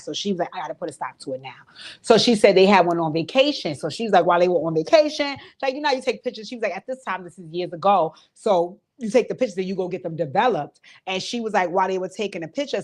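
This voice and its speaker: A woman hosting her own channel, casually retelling an interview in an informal, storytelling way. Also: fairly low pitch. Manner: chatty storytelling, relays what others said; informal speech with many fillers. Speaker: host recapping an interview. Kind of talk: casual recap commentary.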